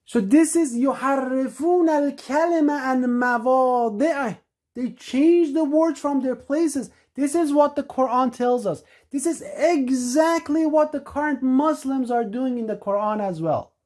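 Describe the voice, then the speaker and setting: A woman's voice: high-pitched, warm tone. Emphatic woman teaching scripture. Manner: emphatic, slows to stress key words. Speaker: religious teacher. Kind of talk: scripture-reading lecture.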